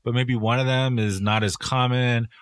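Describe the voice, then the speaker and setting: A man co-hosting a podcast, talking in a relaxed, loose way with lots of casual fillers. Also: medium pitch, normal speed, clean tone, no room sound. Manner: relaxed, loose, fillers like "kinda" and "you know". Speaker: podcast co-host.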